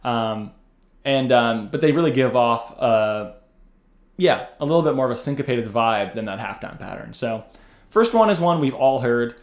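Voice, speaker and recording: Relaxed man teaching in a roomy space. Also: medium pitch, moderate pace. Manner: relaxed, loose, with frequent ums and uhs. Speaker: bass teacher. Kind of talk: casual instructional talk. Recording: roomy echo with faint music.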